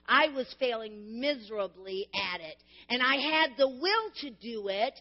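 A woman's voice: a little high, muffled recording. A middle-aged woman preaching a sermon, earnest and personal, with laughing asides and fervent emphasis.

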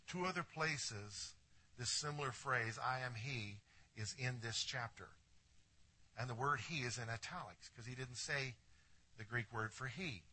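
A man preaching a sermon as pastor, swinging from hushed lines to emphatic ones and putting questions straight to his congregation. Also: medium pitch, measured pace, slightly rough. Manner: addresses the congregation directly with questions.

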